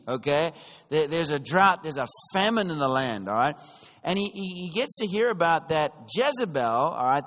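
A man preaching a sermon, telling a story in a chatty, animated way and often checking in with his listeners. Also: fairly high pitch. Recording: long reverb of a large hall.

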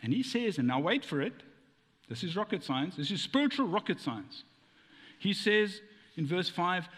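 A man preaching with a high, lively voice that leaps around as he talks. He jokes and fires rhetorical questions at the congregation, and his words ring out with a long hall reverb. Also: moderate pace, husky. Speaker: pastor. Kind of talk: sermon.

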